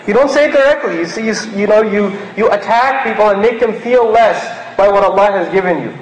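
A man originally from Pakistan gives a conversational sermon as a preacher, acting out little mocking scenes to make his point. His voice sits high and he talks briskly, in an echoey room on a low-quality recording.

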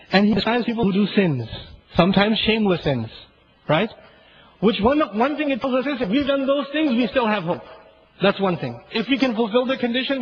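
A man's voice: extremely high pitch, muffled recording, a little hiss or hum. A man giving a chatty religious lecture, often asking "right?" and chuckling. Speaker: Islamic lecturer.

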